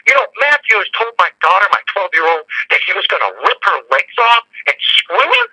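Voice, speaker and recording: Man guest caller, indignant and rambling, with a raspy voice and a swooping delivery. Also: sits high, big pitch swings, a little fast, hardly any pauses, bright, forceful tone, low-quality recording. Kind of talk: angry storytelling on a call-in show.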